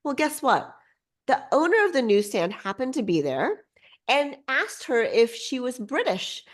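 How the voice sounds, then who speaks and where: Brief: excitable woman podcast guest, slightly high voice, casual storytelling with lots of restarts. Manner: bubbly, excitable, quick restarts; lively swings in pitch.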